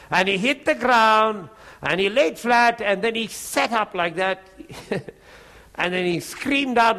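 In a high-pitched voice, a man preaches by telling a lively testimony. He often laughs and acts out the voices and prayers in his story.

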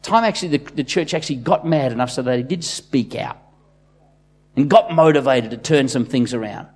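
A man preaches from the pulpit, his voice husky and slightly breathy. He pushes hard on key lines with rising force, then falls back to low, confiding asides, all in a middle register. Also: fairly quick. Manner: impassioned, swinging from loud bursts to quiet asides. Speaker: pastor. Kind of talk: sermon.

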